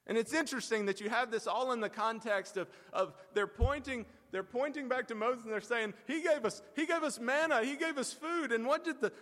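A man delivers an earnest, emphatic sermon, with pauses that let each point land. His voice sits high for a man. A long reverb trails his words through a large hall. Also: background noise. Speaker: pastor.

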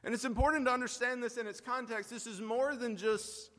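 A man delivers an earnest, emphatic sermon, with pauses that let each point land. His voice sits high for a man. A long reverb trails his words through a large hall. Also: steady tone, fairly bright tone. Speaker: pastor.

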